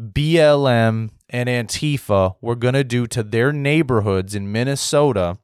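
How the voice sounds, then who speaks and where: An American man giving a heated opinion monologue to his viewers, restarting sentences, clearing his throat often and tagging his points with "right?". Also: medium pitch, dry recording, studio quality. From United States. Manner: heated, repetitive, frequent "right?" tags and restarts. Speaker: political commentary host.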